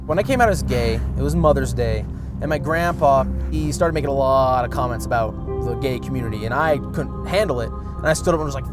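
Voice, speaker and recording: A man telling personal stories in a documentary interview, animated and acting out the voices of the people he quotes. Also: on the high side, fairly quick, over music.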